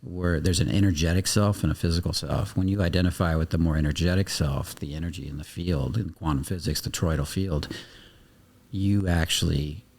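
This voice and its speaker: Speaking a little fast in a deep, steady, darkish voice, this guest coach on a podcast is intense and curses without restraint. He acts out small bits of dialogue in lively interview conversation.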